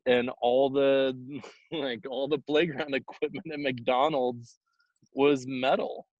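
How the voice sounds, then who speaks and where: A man in his thirties from Houston, a high school teacher co-hosting a casual unscripted chat, rambling with lots of "like" and "I mean". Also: steady tone, takes it slowly, a little mellow, no echo, highs cut off. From Houston, Texas. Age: 30s. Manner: rambling, many "like" and "I mean" fillers.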